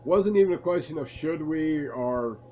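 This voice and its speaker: Speaking at normal speed with lively intonation in a higher-pitched voice, a man tells a rambling, amused story from his past to the camera. This laid-back vlogger sits in a lamp-lit room at home, on a muffled recording with slight background noise.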